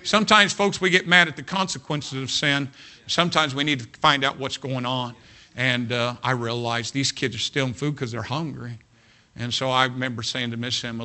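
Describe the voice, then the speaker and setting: A man preaching a sermon built around a personal story, folksy, full of "you know what", swinging between hushed and loud. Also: mid-range voice, fairly even intonation, brisk.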